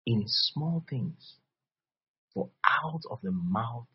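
A man preaching a sermon as pastor, repeating phrases and swinging between loud bursts and soft drops. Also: medium pitch, expressive, extremely slow. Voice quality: husky. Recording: dull lo-fi recording.

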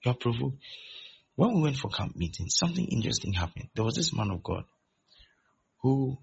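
A man preaching a sermon who acts out the voices of the people in his stories and swings between loud and soft delivery. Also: mid-range voice, sing-song, a little fast, gravelly, slightly rough. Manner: acts out quoted voices, shifting loudness. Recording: dull lo-fi recording.

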